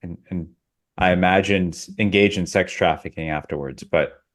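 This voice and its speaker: A man's voice: sits low, fairly even intonation, normal speed. A man co-hosting a podcast, ranting casually in a sardonic, absurdist way. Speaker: podcast co-host.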